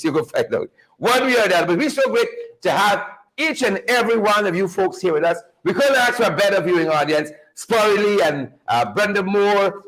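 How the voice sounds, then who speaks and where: Guyanese male host, high-pitched and very animated, calls out viewers one by one. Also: low-quality recording. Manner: animated, playful, repeats phrases for emphasis. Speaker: livestream show host. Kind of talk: lively livestream welcome, greeting viewers by name.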